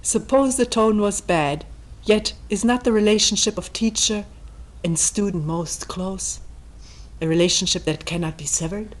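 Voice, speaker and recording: Calm reflective woman giving a talk. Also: moderate pace, low-quality recording. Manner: calm and thoughtful, acting out quoted voices with raised pitch. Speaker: meditation teacher. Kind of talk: reflective talk reading and commenting on a text. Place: retreat meeting room.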